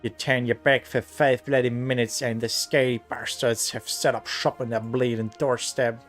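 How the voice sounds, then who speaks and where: A man voicing a gruff middle-aged male guildmaster with rough sailor slang, reading game dialogue aloud. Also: medium pitch, moderate pace, faint music behind, close to an everyday voice.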